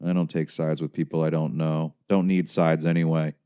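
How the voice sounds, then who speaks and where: A man's voice: extremely low pitch, little pitch movement, normal speed, dark tone, clear, resonant tone. A man voicing an erratic, suspicious male patient who preaches about being saved. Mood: preachy. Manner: suspicious, snapping, leering.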